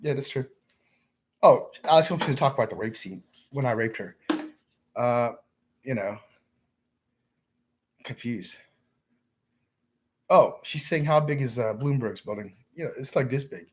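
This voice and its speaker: This man speaks a little slowly in an animated, medium-pitched voice with a breathy edge, leaving long pauses. As a livestream host, he spins a profane, wandering story, ending sentences with "man" and insisting it's true.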